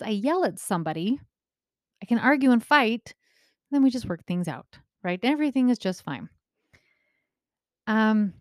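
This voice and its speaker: Animated woman coach, dry close sound. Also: no room sound. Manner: animated, acts out quotes with rising pitch; direct, rhetorical questions to parents. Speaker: parenting coach. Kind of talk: casual advice monologue.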